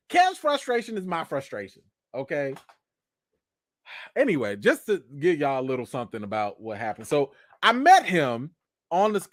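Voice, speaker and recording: Animated man telling stories on a stream. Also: a little high, no room sound, studio quality. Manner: animated and self-mocking, with casual slang. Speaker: live stream host. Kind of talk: casual storytelling.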